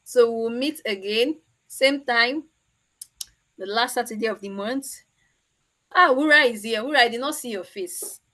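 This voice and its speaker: A woman's voice: fairly high pitch, unhurried, bright, forceful tone. A Nigerian woman hosting an online meetup over a video call, chatty and teasing. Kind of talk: casual chat.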